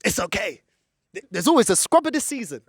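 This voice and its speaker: A creaky, sing-song voice at an extremely high pitch, the man talks briskly in a dry, studio-quality recording. Ranting angrily for a football fan vlog in an outdoor car park, filmed by a friend holding the camera, he sometimes switches into Portuguese.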